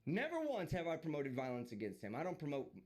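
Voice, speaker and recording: A man's voice: on the high side, huge pitch swings, quick pace, darkish tone. A man streaming live, delivering a heated, profane and mocking rant. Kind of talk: ranting live stream commentary.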